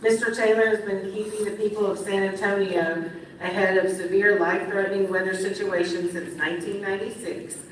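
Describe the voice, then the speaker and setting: A woman reading a formal, measured introduction of a guest speaker at a school ceremony. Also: medium pitch, steady tone, slight background noise. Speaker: ceremony presenter. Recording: echoey hall from far off, faint ambience.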